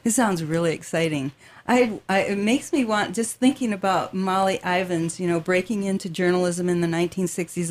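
A woman hosting a radio interview, friendly and chatty. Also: on the low side. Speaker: radio host.

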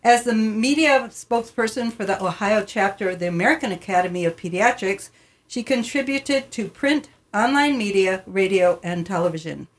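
A woman producer reads a prepared introduction on community radio. Her delivery is plain and mid-pitched, with the odd small restart. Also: expressive, normal speed. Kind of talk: reading a guest introduction.

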